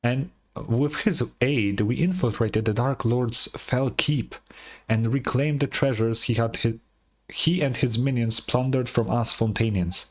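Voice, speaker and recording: A man's voice: mid-range voice, measured pace, close to an everyday voice. A man doing a pompous boastful warlord. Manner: grandiose storytelling. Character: boastful pompous male rebel leader.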